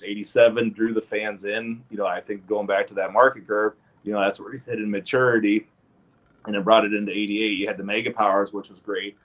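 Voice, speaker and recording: A man's voice: fairly low pitch, a bit bright. A man, a guest on a podcast, chatting casually and talking at length, piling up dates and figures.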